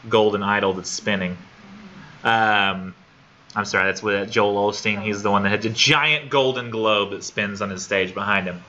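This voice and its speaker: A man teaching a college English class in a casual, animated lecture with many fillers. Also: fairly low pitch, lo-fi sound.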